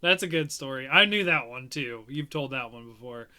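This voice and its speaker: A woman's voice: very deep voice, expressive, normal speed, bright, forceful tone. A woman chatting casually, mostly with brief listening replies. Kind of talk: casual chat.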